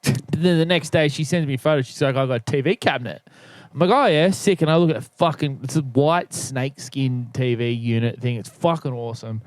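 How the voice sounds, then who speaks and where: A young man chatting casually on a podcast, rambling through a story and acting out what people said. His voice is smooth and clear. The sound is dry and close. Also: medium pitch, fairly quick, no echo. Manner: rambling storyteller, swears freely, acts out quotes. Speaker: podcast co-host. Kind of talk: casual chat.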